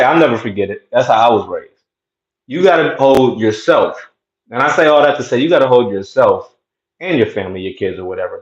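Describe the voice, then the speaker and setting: A man hosting his own show, telling a childhood story in a conversational way and then making his point. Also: lowish voice. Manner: conversational, animated when telling stories. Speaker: host. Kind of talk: casual commentary with storytelling. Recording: echoey room, slightly dull sound.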